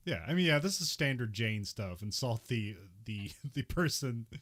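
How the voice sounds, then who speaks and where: A man's voice: mid-range voice, lively intonation, normal speed, fairly bright tone. A man co-hosting a podcast, chatting casually about an episode and laughing often as he talks. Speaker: podcast co-host. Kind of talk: casual chat recapping a TV episode.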